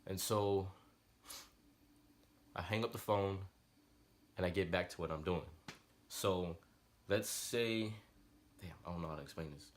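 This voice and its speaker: A man's voice: sits low, unhurried, pauses often, a little hiss or hum. A young man telling a personal story in casual, slangy, rambling talk. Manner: slangy, rambling, animated retelling. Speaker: vlogger.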